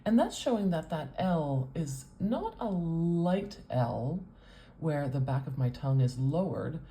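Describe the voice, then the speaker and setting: A woman with a North American accent, teaching as a speech coach with patient explanations and drawn-out sound demonstrations. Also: sits low, very animated, warm tone. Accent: North American English. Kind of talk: teaching with a whiteboard demo.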